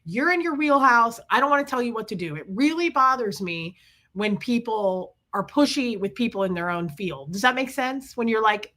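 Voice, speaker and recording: A woman's voice: a little high, expressive, moderate pace, sharp tone. A woman chatting on a casual livestream, telling a story, venting frustration and answering viewers by name.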